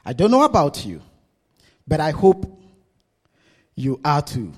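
A man preaching a sermon to his congregation, slow and deliberate, often laughing as he leads them. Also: a little high, huge pitch swings, darkish tone, slightly rough.

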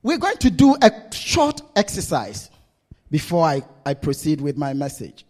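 A man preaching a sermon to his congregation, slow and deliberate, often laughing as he leads them. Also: fairly high pitch, huge pitch swings, darkish tone.

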